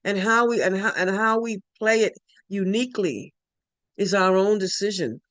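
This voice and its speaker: A woman's voice: medium pitch, moderate pace, a bit bright, no room sound. A woman giving a spiritual talk, emphatic and repetitive, often restarting her sentences. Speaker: spiritual speaker.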